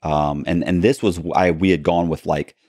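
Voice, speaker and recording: A man telling a story as an interview guest, acting out quoted dialogue with halting restarts. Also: sits low, fairly even intonation, darkish tone, dry recording, studio quality.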